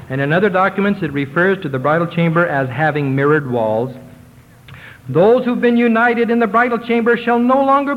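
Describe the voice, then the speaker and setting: A man giving a religious lecture to a congregation, slowing down and lifting his voice when he reads scripture passages aloud. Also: slight background noise. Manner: slows down and lifts his pitch to read scripture quotations aloud. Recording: tinny lo-fi sound with long hall reverb.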